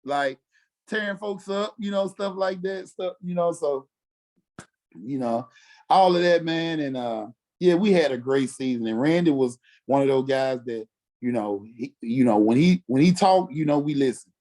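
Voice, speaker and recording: A former football player from Mississippi, telling stories casually and acting out quotes with lots of "you know what I'm saying". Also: male voice, on the high side, moderate pace, mellow. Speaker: former NFL fullback, podcast guest. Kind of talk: casual storytelling interview.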